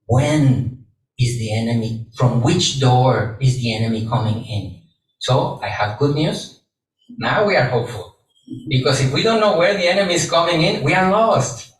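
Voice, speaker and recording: A man, a Buddhist monk, giving a gentle sermon to a live audience and repeating phrases for emphasis. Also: medium pitch, normal speed. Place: large echoey hall with audience. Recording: roomy hall, distant mic, faint background hum.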